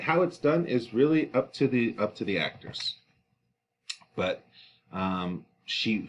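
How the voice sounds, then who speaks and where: Man explaining a play with lively pitch. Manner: reads quoted lines louder and higher, then paraphrases casually; conversational with fillers. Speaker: teacher. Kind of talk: explaining a play, reading its lines aloud.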